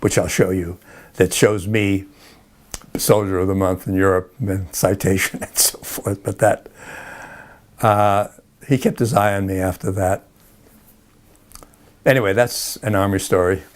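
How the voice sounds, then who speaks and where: An older man with a fairly low voice recounts memories in an interview. His telling is loose and rambling, full of restarts, and he often chuckles as he goes. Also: fairly even intonation, unhurried, long pauses. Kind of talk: oral history interview.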